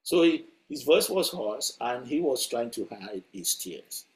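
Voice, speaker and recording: A man's voice: medium pitch, very animated, a little slow. A man preaching a sermon through a story, conversational and chuckling as he tells it.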